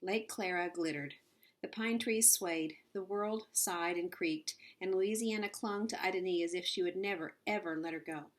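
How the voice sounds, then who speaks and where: Low-voiced woman reading a storybook. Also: moderate pace. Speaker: audiobook reader. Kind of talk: reading a children's novel aloud.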